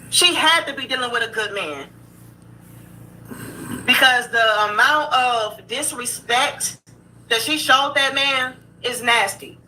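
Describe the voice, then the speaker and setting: A woman's voice: high-pitched, bright, forceful tone, recorded from a distance, a little hiss or hum, rough recording. A woman giving blunt, sarcastic reaction commentary in a scolding, casual tone.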